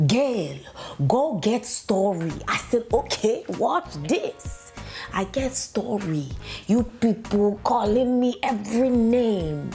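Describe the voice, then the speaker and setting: A woman voices an indignant female news anchor with a Nigerian accent in a comedy parody. The voice sits high and swings wildly, dragged out slowly as she rants, begs and hisses insults. Faint music plays behind. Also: darkish tone. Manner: exasperated ranting, swings to pleading and whispered insults.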